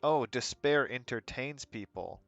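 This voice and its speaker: A man's voice: mid-range voice, a little slow, fairly bright tone, dry recording, soft background music. An American man streaming a game, chatting in a rambling, laid-back way and answering his chat with frequent chuckles. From United States. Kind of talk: casual chat while gaming.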